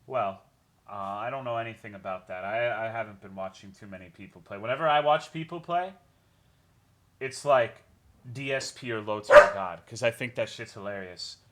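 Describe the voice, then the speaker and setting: A man's voice: lowish voice, moderate pace, noisy background. A young man streaming a game, chatting casually with his viewers in a rambling way, swearing often and greeting chat by name.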